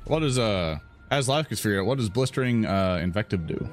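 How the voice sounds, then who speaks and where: A man with a very deep, low voice plays along in a tabletop session. He drops dry, quick jokes and short questions between turns. Faint music plays in the background. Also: expressive. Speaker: player. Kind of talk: casual tabletop play.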